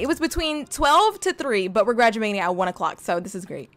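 A young woman giving casual, slangy gameplay commentary, talking straight to her game character and breaking into excited exclamations. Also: medium pitch, fast, few pauses. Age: young adult. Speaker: gaming video host.

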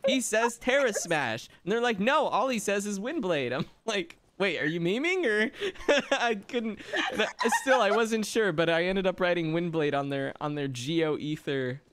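A chatty man telling anecdotes on a game stream, his pitch swinging widely as he animates every story. He laughs easily and talks casually to his audience. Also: expressive, normal speed, fairly bright tone, clear, resonant tone, no room sound. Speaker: streamer and voice actor.

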